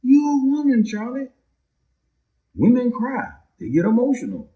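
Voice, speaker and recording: A man's voice: very high-pitched, wildly swooping pitch, moderate pace, pitched above the performer's own voice, heavily acted. A man acting out a touchy man who indignantly insists he never gets emotional or sensitive. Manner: indignant, protesting, loud.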